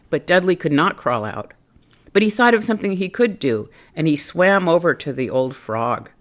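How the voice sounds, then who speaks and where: Woman, storybook read-aloud, animated, lively ups and downs in pitch. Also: a little slow. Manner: expressive, animated reading. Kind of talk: reading a picture book aloud.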